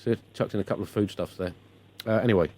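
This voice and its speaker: A man co-hosting a satirical comedy podcast, telling a string of puns with mock outrage and deadpan delivery. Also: fairly low pitch, fast talker. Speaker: podcast co-host.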